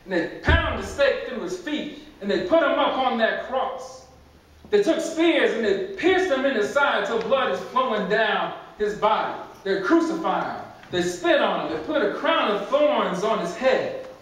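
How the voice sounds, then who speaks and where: High-voiced preacher in an echoey church. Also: male voice, expressive, a little slow, fairly bright tone. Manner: emphatic storytelling with repetitions. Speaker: pastor. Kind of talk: sermon. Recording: very echoey church, distant mic.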